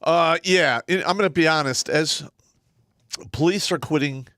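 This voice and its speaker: A man's voice: a little high, a little slow, dry recording, clean studio sound. A man co-hosting a casual live stream, telling stories bluntly and profanely. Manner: animated storyteller, blunt and profane.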